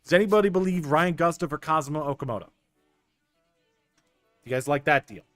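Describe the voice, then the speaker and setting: Excitable man streaming a baseball game. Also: a little high, fairly quick, no room sound. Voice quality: excitable, stumbling restarts, laughs often. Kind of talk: casual gameplay commentary talking to chat. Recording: dry close mic with faint game music.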